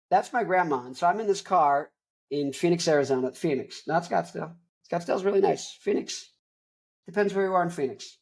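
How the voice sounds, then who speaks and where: Rambling young male vlog host. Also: on the high side. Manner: rambling, tangent-prone, chatty. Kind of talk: casual chat.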